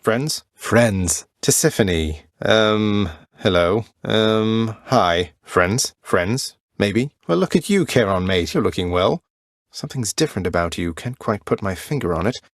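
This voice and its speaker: Wry, good-natured young underworld prince, lowish voice, dry studio sound. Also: male voice, lively intonation, unhurried, dry recording. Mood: coaxing. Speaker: video game protagonist. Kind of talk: game voice lines.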